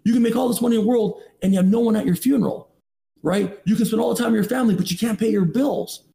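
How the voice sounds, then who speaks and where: A man's voice: high voice, fast, creaky, mellow. A man in his thirties, a podcast guest, telling a personal story with emphatic, preachy rhetorical questions. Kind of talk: candid motivational storytelling.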